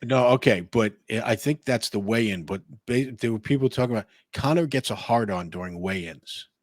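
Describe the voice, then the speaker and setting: A man's voice: medium pitch, brisk, no echo, studio quality. A man co-hosting a podcast in casual chat, laid-back and hesitant with many fillers. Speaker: podcast co-host.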